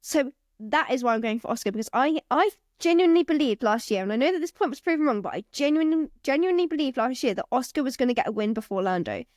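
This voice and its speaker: A woman's voice: high voice, animated, quick pace, few pauses, dry recording, clean studio sound. A woman co-hosting a casual podcast, talking earnestly as she reasons through her opinions. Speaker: podcast co-host.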